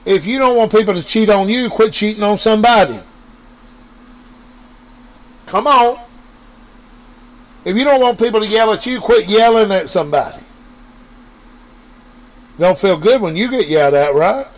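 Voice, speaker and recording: A man's voice: high voice, moderate pace, long pauses, poor audio. Man preaching. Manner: preachy, repetitive, addresses listeners directly. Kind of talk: informal sermon. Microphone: online radio or podcast mic.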